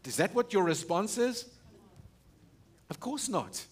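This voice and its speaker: Impassioned preacher man, higher voice. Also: sing-song, slow, a little hiss or hum. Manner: impassioned, rhetorical questions, frequent restarts; swings between loud emphasis and hushed low delivery. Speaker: pastor. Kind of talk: sermon.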